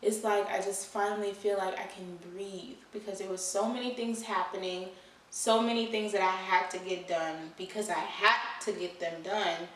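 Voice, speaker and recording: A woman's voice: medium pitch, steady tone, normal speed, a bit bright, far from the mic, a little hiss or hum. Earnest young woman in a very echoey room. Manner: earnest, conversational, full of "you know" and "like". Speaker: vlogger. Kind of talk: candid personal vlog. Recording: very echoey room, voice away from mic.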